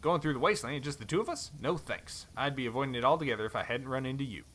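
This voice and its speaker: A man's voice: medium pitch, fast, fairly bright tone, close to an everyday voice. A man doing Helm, a cowboy-drawling mercenary. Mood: sly. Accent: put-on cowboy drawl. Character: rough friendly male mercenary, brawler.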